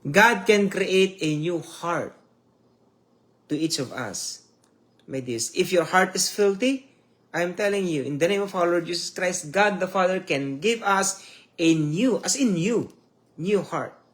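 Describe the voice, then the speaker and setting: Slow, emotional male preacher. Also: high voice, expressive. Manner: slow, emotional preaching with swells and drops in loudness. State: tearful. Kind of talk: sermon.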